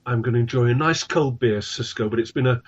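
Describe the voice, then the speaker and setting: A man's voice: mid-range voice, fast talker, slightly rough. Polite English man on a dull call. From England. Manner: polite, enthusiastic, says "really" often. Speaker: guest, tour guide and author. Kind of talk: casual interview chat.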